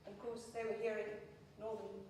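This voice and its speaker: An Englishwoman gives a conference presentation in a chatty, self-deprecating way, filling her pauses with ums. Her mid-range voice is picked up from across a large hall, with heavy echo, a long reverb tail and faint room hiss behind it. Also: mid-range voice, fairly even intonation, darkish tone. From England. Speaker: conference speaker. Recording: echoey hall recorded from far off.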